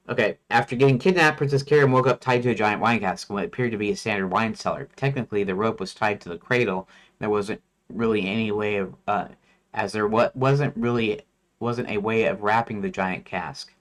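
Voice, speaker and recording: A man with a lowish voice talks through his game story on a livestream. He thinks aloud and hesitates, with many fillers and restarts. He stops often to question his own notes. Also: fairly quick, fairly bright tone. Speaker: game developer streamer.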